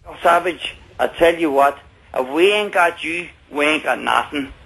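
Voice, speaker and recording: A man in his forties with a Northern Irish accent, calling in to a radio talk show and speaking earnestly, with some halting pauses. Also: a little high, vocal fry, a bit bright, breathy edge. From Northern Ireland. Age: 40s. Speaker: caller. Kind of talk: radio call-in chat. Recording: phone line on radio.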